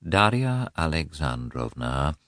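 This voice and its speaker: A man's voice: rumbling low, very animated, takes it slowly, fairly bright tone, dry recording, clean studio sound, exaggerated voice. A man reading a cold, formal, wounded middle-aged husband who talks in a clipped way, for an audiobook. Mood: bitter. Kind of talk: audiobook character voice.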